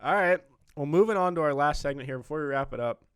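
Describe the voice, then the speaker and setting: A young man hosting a podcast in casual chat, relaxed and swearing freely as he tells stories. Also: fairly high pitch, fast talker, clear, resonant tone, no room sound, clean studio sound. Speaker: podcast host.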